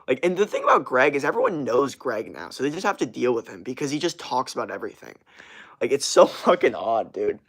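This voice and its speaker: A man's voice: mid-range voice, sing-song, fairly quick, a bit bright. Young male streamer; casual, rambling, swears a lot, slangy. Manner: rambling, profane, slangy, laughs often. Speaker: streamer answering chat. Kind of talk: casual livestream chat.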